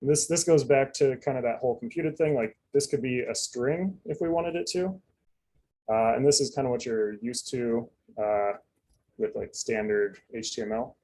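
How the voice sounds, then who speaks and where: A man's voice: mid-range voice, moderate pace, warm tone, slight background noise, low-quality recording. A man giving a casual live coding demonstration, chatty and loose, full of fillers and asides. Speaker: presenter.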